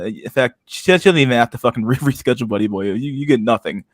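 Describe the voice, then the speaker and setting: A man hosting a casual chat show, telling stories in an animated, profane way and acting out everyone's reactions. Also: mid-range voice, fast talker, no room sound. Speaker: podcast host.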